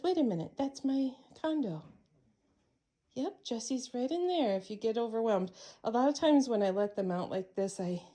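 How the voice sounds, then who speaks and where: A woman filming a casual vlog while looking after her cats, speaking softly, cooing to them and pausing often with fillers. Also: medium pitch. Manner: hesitant, with many fillers. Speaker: cat caretaker.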